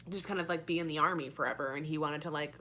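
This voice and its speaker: A young woman chatting through a book review in a rambling, sarcastic way, dropping swear words and fillers as she goes. Her voice sits a little low, and faint ambient noise hums behind her. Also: fairly even intonation, very fast, bright, forceful tone. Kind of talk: casual book review chat.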